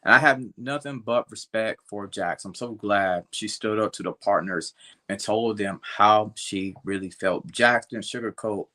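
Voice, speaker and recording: A man on a live panel, talking through an episode in a relaxed, conversational way. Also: fairly low pitch, unhurried. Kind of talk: casual panel discussion.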